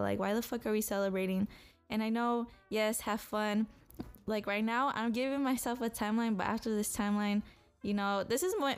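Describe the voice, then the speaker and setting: A young woman co-hosting a podcast, talking alone in a blunt, profane, self-motivating monologue. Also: mid-range voice. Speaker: podcast co-host.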